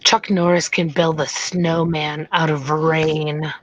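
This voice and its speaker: Slow, breathy woman reading softly. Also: low-pitched, level tone, dry recording, rough recording. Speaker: podcast co-host reading facts and jokes. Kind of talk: casual livestream chat, mock-ASMR reading.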